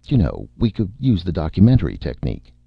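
A man's voice: low voice, huge pitch swings, fast talker, gravelly, breathy edge, dry recording, voice pushed up, heavily acted. A man voicing a confident, smug male screenwriter who talks in a glib, complacent, lordly way, in a dry, slightly muffled recording.

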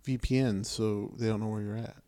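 Male co-host, mellow voice, easygoing slangy jokes. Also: lowish voice, little pitch movement, a little fast. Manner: joking, slangy banter. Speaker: podcast co-host. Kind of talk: casual chat.

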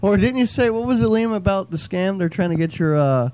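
A man's voice: high-pitched, lively intonation, fairly quick, darkish tone. An American man hosting a podcast, chatting casually, swearing and joking. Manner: profane, joking, puts on silly voices. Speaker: podcast host. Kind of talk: casual chat.

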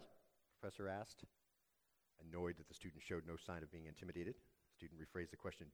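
A man preaching a sermon as pastor, telling a story in a measured, earnest way. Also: sits low, steady tone.

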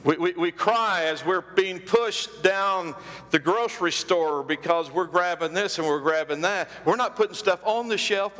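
A man preaches in a church, his voice pitched high and ringing bright. He repeats phrases for emphasis and throws questions out to the congregation. A long reverb trails every line through the hall. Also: lively intonation, unhurried. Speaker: pastor. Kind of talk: sermon. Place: church sanctuary.

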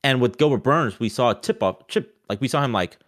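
Animated man in casual sports chat. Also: medium pitch, fairly quick. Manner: animated, restarts often, many "like" fillers.

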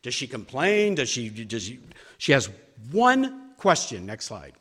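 Guy leading a bible class, mid pitch, chatty and emphatic, lots of ums, big echoey hall. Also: huge pitch swings, measured pace, fairly bright tone, slightly rough. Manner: conversational, emphatic, frequent fillers and restarts. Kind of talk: church Bible study lecture with slides.

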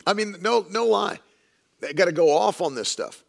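A man's voice: sits high, animated, normal speed, creaky. A man preaching a sermon in an emphatic way, repeating lines for stress and mocking the views he argues against.

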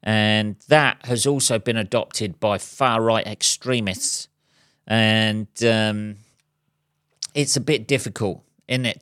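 A man's voice: lowish voice, fairly bright tone, dry recording, clean studio sound. A man hosting his own podcast, rambling through a profane, wry monologue with chuckling asides. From England. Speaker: podcast host and comedian.

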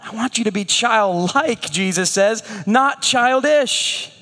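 A man preaching a sermon as pastor, animated and storytelling, with rhetorical questions. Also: high-pitched, moderate pace, long reverb tail.

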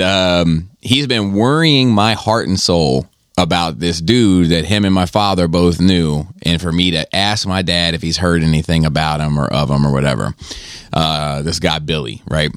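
A podcast host with a very low voice tells a long, rambling story, swearing freely as he goes. The recording is dry and close. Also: measured pace, fairly bright tone, clean tone, no room sound. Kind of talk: casual podcast chat.

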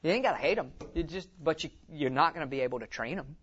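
Animated man teaching at a conference. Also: a little high, fast talker, husky, dull audio. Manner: lively storyteller who acts out quotes, says "you know" often. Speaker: conference speaker.

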